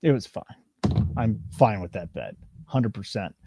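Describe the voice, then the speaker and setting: A man's voice: fairly low pitch, animated, a little slow, warm tone, slight background noise. A man co-hosting a live sports betting show, chatting casually and teasing his co-host while reading chat comments aloud. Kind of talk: casual live-stream banter.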